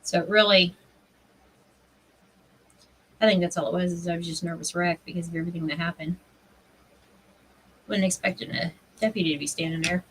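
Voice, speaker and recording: A woman, hosting a craft livestream and telling stories in an animated way, laughing often. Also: fairly low pitch, fairly quick, pauses often, far from the mic, a little hiss or hum, low-quality recording. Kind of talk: casual chat while crafting.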